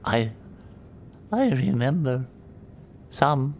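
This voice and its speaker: A man voicing a weak, exhausted telepathic creature that speaks in faint, halting whimpers. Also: mid-range voice, sing-song, darkish tone, slight background noise, pitched above the performer's own voice. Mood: weak, pleading.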